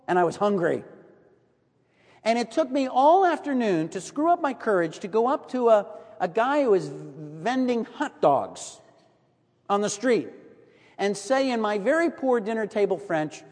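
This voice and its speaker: Animated man preaching in a reverberant hall. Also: extremely high pitch. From United States. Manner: storytelling, animated, drops to a hush for emphasis. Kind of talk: sermon.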